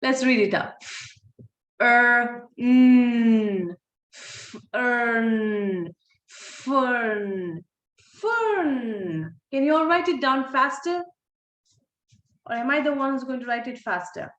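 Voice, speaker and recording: A woman teaching a recorded online phonics lesson, sounding out words slowly and breaking off with apologetic asides. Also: high-pitched, a bit bright, reverberant. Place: holiday home by the sea, waves audible.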